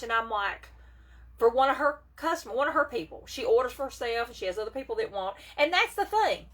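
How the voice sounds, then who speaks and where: A woman's voice: high-pitched, a bit bright. A woman, chatting folksily to viewers on a live stream while selling makeup. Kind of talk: casual live-stream chat.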